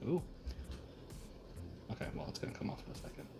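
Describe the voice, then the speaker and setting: A man's voice: fairly quick, over loud music. A young man hosting a casual card-collecting video, joking and talking through what he does. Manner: animated, joking, self-narrating. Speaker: host. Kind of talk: casual hobby vlog.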